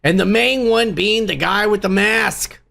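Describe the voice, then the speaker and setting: A man with a gravelly, crackling voice tears into a film trailer, crude and heated, swearing at every turn. His voice sits high for a man. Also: a little slow, bright, forceful tone. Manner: angry, crude, swears constantly. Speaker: podcast host. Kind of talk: profane ranting movie review.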